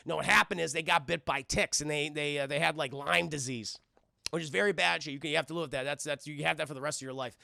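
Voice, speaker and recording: Man streamer, comedic rambling recap, swears often, talks to chat, high gravelly voice, bright edge, dry close sound. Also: no echo. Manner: rambling, profane, keeps addressing chat. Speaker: streamer reviewing a cartoon.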